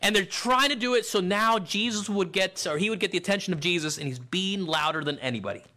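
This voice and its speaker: A man preaching a sermon with a bright, forward voice. He talks in a loose, conversational way. At times he climbs into loud, shouted lines as he acts out the people in the story. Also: high voice, quick pace.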